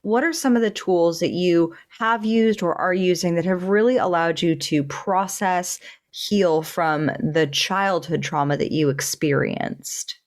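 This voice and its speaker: Woman podcast host, low-pitched, upbeat and affirming. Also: measured pace. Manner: upbeat, affirming, laughs easily. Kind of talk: interview hosting.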